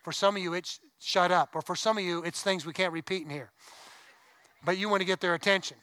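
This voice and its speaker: A man's voice: high voice, steady tone, fast, sharp tone, poor audio. A middle-aged man preaching a sermon as pastor, conversational, with asides and rising emphasis. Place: church sanctuary.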